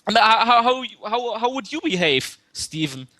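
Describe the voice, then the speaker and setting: A jittery young male student , voiced by a man, phones in with a hammy put-on German accent and stumbles through every sentence. The voice sits high and sharp, recorded dry and close with no room around it. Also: big pitch swings, moderate pace, dry recording, exaggerated voice. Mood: flustered. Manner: stammering, repeats words, earnest and flustered. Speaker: prank caller. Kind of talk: prank call-in.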